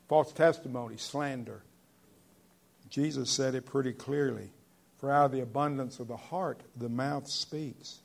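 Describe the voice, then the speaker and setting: A man preaching a sermon in an earnest, conversational way, with sudden loud stresses on key words. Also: mid-range voice. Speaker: pastor.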